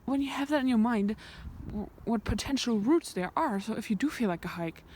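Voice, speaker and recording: Young-sounding woman, fairly high voice, musing to a handheld camera on a hike, slips into whispers, faint birdsong and wind around her. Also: expressive, brisk, a little mellow. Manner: rambling, thinking aloud, often drops to a whisper. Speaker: vlogger. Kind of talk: reflective walking vlog. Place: outdoors in the countryside by a fence. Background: birds and sheep in the open air.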